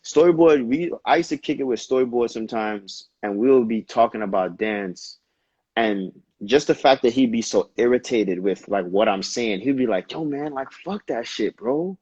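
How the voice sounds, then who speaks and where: A young man from Brooklyn, a dancer, talking casually in an interview and telling animated, slangy stories in quick bursts. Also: on the low side, slightly rough, no room sound, muffled recording. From Brooklyn, New York. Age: young adult. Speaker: dancer, guest.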